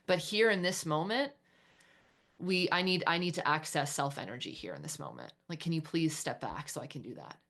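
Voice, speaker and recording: A woman co-hosting a parenting podcast, talking candidly and bluntly, swearing freely in animated chat. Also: sits low, brisk. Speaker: podcast co-host.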